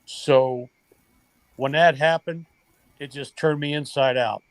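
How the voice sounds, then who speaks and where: Slow and fairly even in intonation, this older man's slightly high voice is captured dry. A retired baseball coach appearing as a podcast interview guest, he recounts a family story with earnest emotion, including quoted dialogue.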